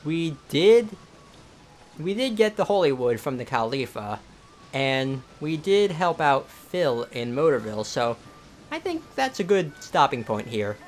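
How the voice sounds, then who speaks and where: A man's voice: on the high side, a little slow, a little hiss or hum. A man hosting a let's play, chatting casually and rambling as he plays, often correcting himself. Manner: relaxed, rambling, self-correcting. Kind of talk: casual gameplay commentary. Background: game music.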